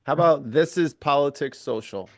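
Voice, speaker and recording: A man from northern England in a casual group chat, jokey and steering the game with quick asides. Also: a little high, dry recording, clean studio sound.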